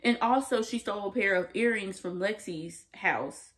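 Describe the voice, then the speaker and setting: A young woman casually recapping a TV episode to camera, animated and emphatic, full of slang and laughter. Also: mid-range voice, moderate pace. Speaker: TV episode reviewer.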